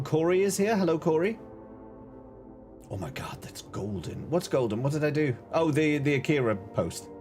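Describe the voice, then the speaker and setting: A man's voice: medium pitch, a little mellow. A man hosting a casual live game stream, greeting viewers, joking and reacting to chat. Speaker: gaming streamer.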